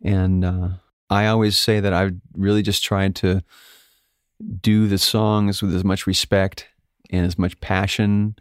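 In a relaxed interview, a guest musician from Alaska with a low voice shares his story at a measured pace, his delivery smooth. He's an animated storyteller who jumps into high voices each time he quotes someone, and the recording is dry and close with no room sound.

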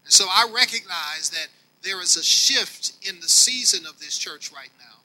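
A man preaching to his congregation as their longtime bishop, swinging between quiet and loud and speaking to them directly. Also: sits high, lively intonation, normal speed, poor audio. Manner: folksy, talks directly to the congregation. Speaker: pastor. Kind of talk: sermon.

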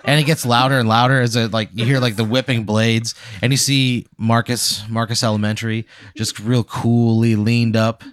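A man's voice: mid-range voice, level tone, normal speed, clean tone, no room sound, studio quality. A young man improvising a comic story on a podcast, rambling with lots of "like" and swearing. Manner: rambling, many "like"s, swearing, laughing. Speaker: podcast co-host.

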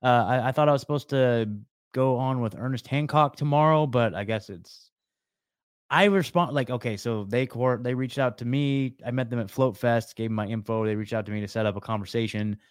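A man's voice: medium pitch, a little fast, clean tone, no echo, studio quality. A man from the US West Coast hosting a podcast call-in show, chatting casually and calling people man and dude.

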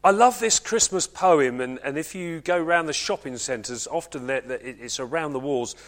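A high-voiced man gives a Christmas sermon to his congregation. His delivery is earnest, and he often slows and drops to a hush to press a point home. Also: expressive. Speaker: preacher.

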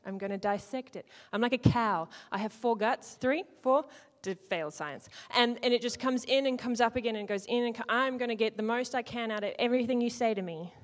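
A woman leading an interactive teaching talk to a church group, playful, swinging between loud and hushed and acting out lines. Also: on the high side, a little fast, few pauses. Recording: long hall reverb.

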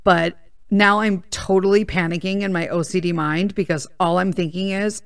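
Gravelly, swearing woman podcaster ranting. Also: fairly low pitch, a little fast, no echo, clean studio sound. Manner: rambling, swears freely, animated retelling. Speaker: podcast host. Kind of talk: casual storytelling monologue.

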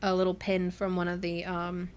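A young woman co-hosting a podcast, recapping a novel in casual chat and acting out the characters' lines with quick laughs. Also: fairly low pitch, completely flat delivery, a little hiss or hum. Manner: chatty recap with acted-out quotes and frequent laughs. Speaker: podcast co-host. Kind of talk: casual book-club chat.

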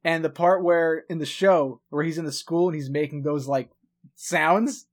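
A man from Long Island chatting casually on a podcast. His voice sits slightly high and he swears freely. He stumbles and restarts as his thoughts pile up. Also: normal speed. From New York, Long Island. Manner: rambling, stuttering, swears a lot. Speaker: podcast co-host. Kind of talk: casual chat.

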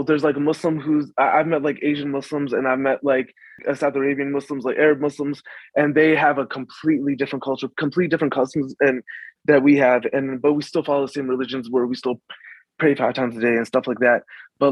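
A young man from the Washington, DC suburbs, a guest in a casual conversation, speaking haltingly and full of fillers and restarts. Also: medium pitch, little pitch movement, husky, dry recording, poor audio.

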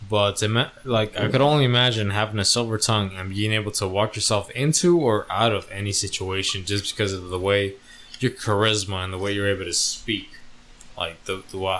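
A man with a low voice muses out loud on a casual podcast. He wanders through his sentences, breaking off and starting them again as he thinks. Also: a little hiss or hum. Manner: rambling, thoughtful, restarts his sentences. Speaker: podcast co-host. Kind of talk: casual chat.

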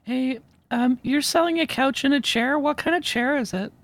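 A woman making a prank phone call, shrill and flustered as she complains. Her voice is very high, and the recording is dry and close. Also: normal speed, no room sound. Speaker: prank caller.

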